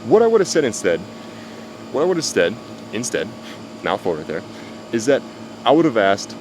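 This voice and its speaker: Blunt low-voiced man coaching outdoors. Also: sing-song, normal speed, background noise. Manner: blunt, profane, emphatic. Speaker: dating coach. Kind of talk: casual advice talk to camera. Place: outdoors with cicadas. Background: faint cicadas.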